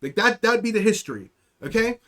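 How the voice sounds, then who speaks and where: A young livestream host's high-pitched, somewhat bright voice swings widely in pitch as he talks fairly quickly. In casual chat he rambles through a profane story, frequently pausing on "okay?".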